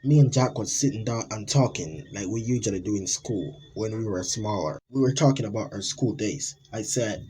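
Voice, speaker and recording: A man's voice: lowish voice, moderate pace, few pauses, warm tone, slight background noise, poor audio. A man narrating an amateur horror story in a rambling, dramatic, unpolished way.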